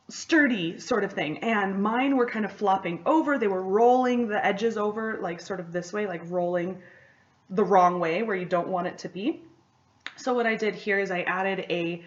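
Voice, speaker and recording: A young woman hosting a knitting podcast in casual chat, excitable and rambling, often laughing between thoughts. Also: mid-range voice, lo-fi sound.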